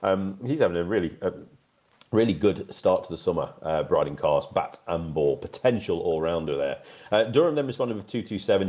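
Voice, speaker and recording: Deep-voiced man reading cricket scores. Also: warm tone. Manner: reads scores off notes, chatty and upbeat. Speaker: podcast co-host. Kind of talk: casual cricket podcast chat.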